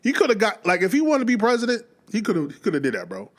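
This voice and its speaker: A man's voice: high-pitched, huge pitch swings, very fast. A man hosting a reaction video, talking loosely and rambling with lots of laughs and restarts. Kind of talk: casual reaction commentary.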